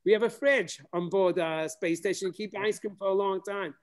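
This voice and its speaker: A man's voice: sits high, moderate pace. Playful man demonstrating space food. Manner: lively, playful, many restarts. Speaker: space program educator. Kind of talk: remote classroom demonstration. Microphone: video call.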